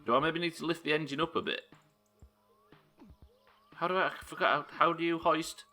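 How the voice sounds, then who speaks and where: With faint music behind him, a young man with a fairly high, bright, forceful voice streams a game live, speaking briskly. He swears often, answers his chat and has frustrated outbursts while working through tasks.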